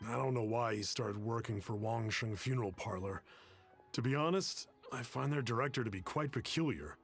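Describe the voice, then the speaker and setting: A man's voice: medium pitch, normal speed, close to an everyday voice. A man voicing a reserved young man in a video game, dry and guarded. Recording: game audio with faint music.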